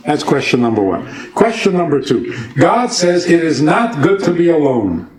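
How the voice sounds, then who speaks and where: Male rabbi, fairly high voice, informal lecture style, quizzes the room and jokes. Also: sing-song, normal speed. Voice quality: conversational, asks the audience questions and jokes. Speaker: rabbi giving a talk.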